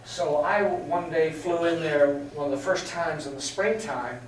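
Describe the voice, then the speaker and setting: A man's voice: a little high, normal speed, recorded from a distance, a little hiss or hum. Older man telling flying stories, echoey hall. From England. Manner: anecdotal, chatty, laughs at his own stories. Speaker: guest speaker. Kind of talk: storytelling talk. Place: meeting hall.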